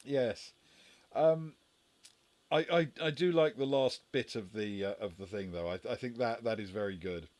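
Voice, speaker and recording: A man's voice: medium pitch, moderate pace, a little mellow. A man narrating a tabletop game as game master, hesitant with many fillers.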